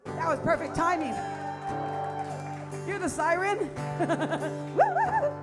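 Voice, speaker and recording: A woman's voice: very high voice, slow pace, raised voice, over loud music, over a noisy crowd. A woman in her fifties, a singer hosting her own show, chatting on stage in a coffee shop in a self-mocking, nervous way. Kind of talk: casual stage banter.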